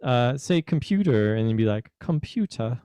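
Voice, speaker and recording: A man's voice: mid-range voice, unhurried, clean tone, no room sound. A man hosting a casual podcast chat, teasing and rambling as he talks. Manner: teasing, rambling, puts on a joke British accent. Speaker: podcast host.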